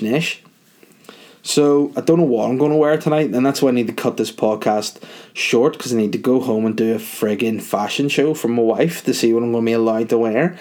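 A man's voice: medium pitch, darkish tone. A middle-aged man, hosting a podcast in a crude, rambling, self-mocking comic monologue. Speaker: podcast host. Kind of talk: casual comedic monologue.

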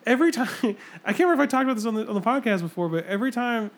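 A man's voice: very high-pitched, animated, very fast. A young man co-hosting a podcast, chatting casually and laughing often as he tells stories. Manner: laid-back, laughs often. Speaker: podcast co-host.

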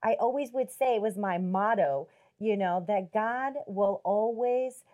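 A woman's voice: mid-range voice, measured pace, narrow, tinny audio. A woman in casual chat, candid and self-mocking, talking easily.

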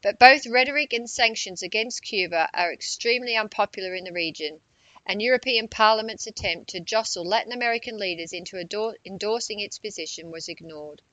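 A woman reading a political news report in a measured narration, with quotes read aloud. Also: mid-range voice, sharp tone, dry recording, low-quality recording.

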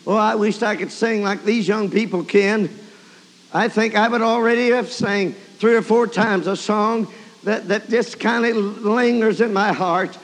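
A man preaches a sermon in a high, steady voice at an unhurried pace, telling a story and breaking into emotional praise. He is emotional and often exclaims his praise. A long hall reverb surrounds his voice.

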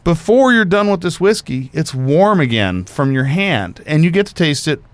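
A man's voice: fairly high pitch, very animated, moderate pace, no echo. A man co-hosting a casual chat, talking with emphatic enthusiasm and explaining at length. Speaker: co-host.

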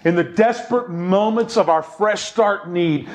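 Give me a high-pitched man preaching, animated and dramatic. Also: unhurried. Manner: animated storytelling with rhetorical questions. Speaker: pastor. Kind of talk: sermon.

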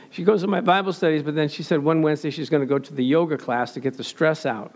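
An older man with a slightly high, gravelly voice preaches in an easygoing, storytelling manner. He slips into the voices of the people in his stories as he talks. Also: a little fast, darkish tone. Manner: conversational storytelling, acts out quotes. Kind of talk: sermon.

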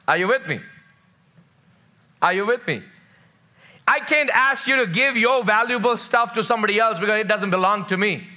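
A pastor preaches to his congregation, driving points home by repeating them and calling for responses. His voice sits high for a man and rings bright and forceful. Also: animated, fairly quick. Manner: emphatic preaching with repeated phrases. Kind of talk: sermon.

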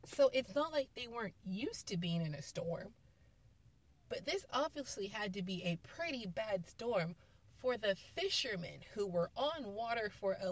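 A woman giving a casual, conversational sermon, retelling scripture stories with emphatic quoted lines. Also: mid-range voice. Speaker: preacher.

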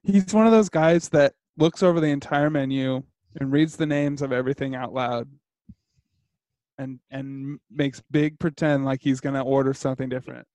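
A man's voice: medium pitch, fairly even intonation, moderate pace, darkish tone, no room sound. A man co-hosting a casual podcast, making playful jokes and wry asides. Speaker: podcast co-host.

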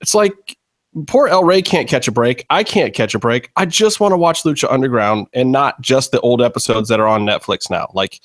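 A man's voice: mid-range voice, moderate pace. A man hosting a podcast, ranting casually and cursing about a streaming package. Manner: ranting, profane, animated. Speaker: podcast host.

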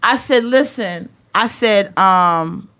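A woman telling a comedic story in a profane, emphatic way, acting out her own yelling. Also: mid-range voice, takes it slowly. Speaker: storyteller on a talk show.

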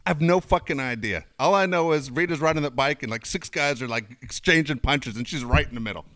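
A man telling a long anecdote in casual chat, swearing freely and animated throughout. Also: medium pitch, a little fast, no echo.

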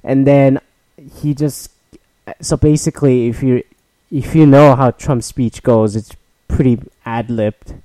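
A man's voice: medium pitch, fairly even intonation, unhurried, warm tone, no echo. A man in his thirties, a podcast host, delivering a rambling, profane, exasperated solo rant.

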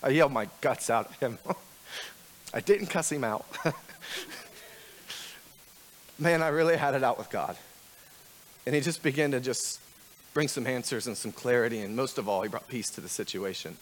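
A man's voice: mid-range voice, moderate pace, pauses often, slight background noise. A man preaching a sermon as pastor, talking candidly and conversationally with frequent restarts, building to emphatic questions.

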